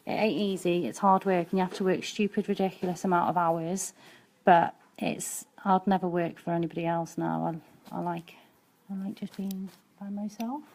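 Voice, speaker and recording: A woman's voice: on the low side, little pitch movement, moderate pace, hardly any pauses, darkish tone. Chatty woman teaching nail art. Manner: chatty, practical, full of ums. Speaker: nail technician and educator. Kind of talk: live-streamed nail art demonstration.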